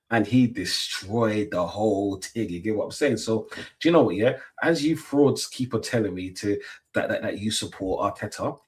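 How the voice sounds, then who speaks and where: British man bantering, low voice. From Britain. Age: young adult. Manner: playful trash talk, lots of "yeah?" tags. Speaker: livestream host. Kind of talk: casual football banter livestream. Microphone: webcam mic.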